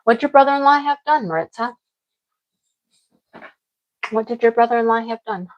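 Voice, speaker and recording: A woman's voice: a little high, normal speed, dull audio. Middle-aged woman livestream host, frank and exasperated, chatty with viewers. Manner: frank, exasperated venting with laughs. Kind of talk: casual chat with live viewers.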